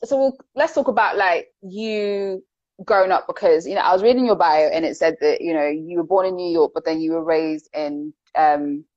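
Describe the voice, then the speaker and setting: A woman, hosting an interview in a casual, chatty way with quick follow-up questions. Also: on the low side, a little mellow, no echo. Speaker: interview host. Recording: slightly dull lo-fi sound.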